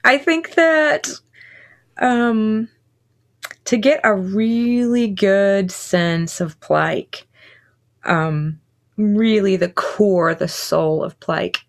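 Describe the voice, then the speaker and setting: A woman in her thirties, a musician guest in a casual interview, talking excitedly and laughing often. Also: on the low side, drawn-out words, gravelly.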